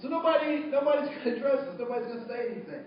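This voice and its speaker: A man telling an animated story to an audience, acting out voices and dialogue. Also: very high voice, racing. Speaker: diversity trainer telling a story. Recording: distant, dull, very echoey room recording with faint noise.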